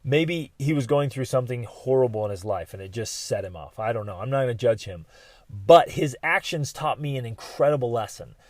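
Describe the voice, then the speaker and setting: A middle-aged man hosting a podcast, telling personal stories in an animated way and acting out what people said. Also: medium pitch, brisk, dry recording, clean studio sound. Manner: animated storyteller, acts out quotes loudly. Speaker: podcast host.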